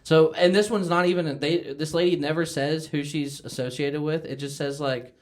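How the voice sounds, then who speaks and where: A man's voice: a little high, steady tone, normal speed, few pauses. A young man co-hosting a podcast, chatting casually, rambling with lots of fillers and frequent laughs. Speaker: podcast co-host. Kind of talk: casual chat.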